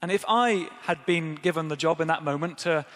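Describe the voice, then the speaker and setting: A man's voice: fairly high pitch, normal speed, a bit bright, big-room sound. A man preaching a sermon at a church service, conversational and self-deprecating, talking directly to his congregation.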